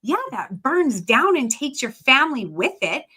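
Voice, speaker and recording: A woman, a guest psychic telling stories in a casual podcast chat, animated and acting out the people she quotes. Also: high-pitched, moderate pace, husky. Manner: storytelling, animated, acts out quoted voices.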